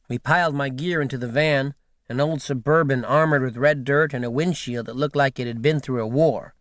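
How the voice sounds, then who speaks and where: A man reading an unabridged audiobook in a steady, wry storytelling manner. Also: on the high side, no room sound, clean studio sound. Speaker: audiobook narrator. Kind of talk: scripted narration.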